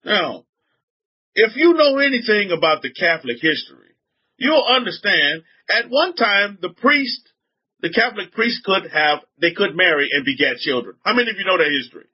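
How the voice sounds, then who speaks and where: This muffled recording captures a Southern US man with a high, very animated, slightly rough voice speaking at a moderate pace. He's a religious teacher giving a group an informal talk, full of repetition, frequent restarts, and a steady stream of rhetorical questions.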